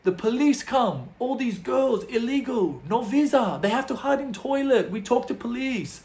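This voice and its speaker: A man's voice: lively intonation, moderate pace, a little mellow. A man putting on the voice of a nightclub host in a tuxedo, with broken English. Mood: reassuring. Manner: broken English, high and insistent.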